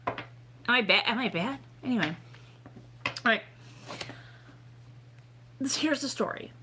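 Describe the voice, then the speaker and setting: A tipsy woman hosting a tarot livestream, rambling and self-deprecating, with bursts of excitement. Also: medium pitch, a little slow, pauses often, background noise. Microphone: home webcam livestream.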